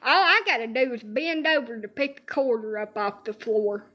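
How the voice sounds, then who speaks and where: A woman's voice: fairly high pitch, expressive, normal speed, sharp tone. A woman, ranting profanely in a casual comedic monologue about her aching body. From Alabama. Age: 30s. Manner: profane, exaggerated complaining storytelling. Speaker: social media streamer.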